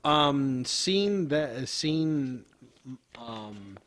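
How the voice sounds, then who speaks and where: A man's voice: medium pitch, expressive, extremely slow, fairly bright tone. A man playing a tabletop role-playing game, speaking hesitantly with many ums as he works out his spells. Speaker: player.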